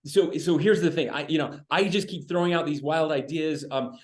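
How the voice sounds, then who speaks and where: An earnest, hopeful man in his forties speaks with a slightly high voice, often restarting words as he builds his thoughts. His voice carries a noticeable roomy echo. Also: normal speed, darkish tone. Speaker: state governor as guest. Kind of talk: conversational remarks in a virtual event.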